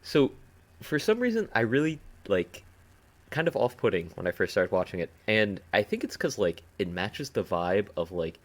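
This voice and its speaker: A man's voice: on the low side, sing-song, moderate pace. A young man co-hosting a podcast in casual chat, joking around and slipping into silly voices. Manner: jokey, slips into silly put-on voices. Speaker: podcast co-host.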